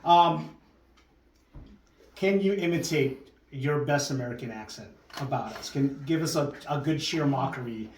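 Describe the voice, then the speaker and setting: A man's voice: mid-range voice, measured pace, a little hiss or hum. A man hosting a casual interview before a live audience, chatty and joking, often repeating his guest's answers back. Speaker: host. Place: home during a live blog-cast. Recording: roomy sound from a distance.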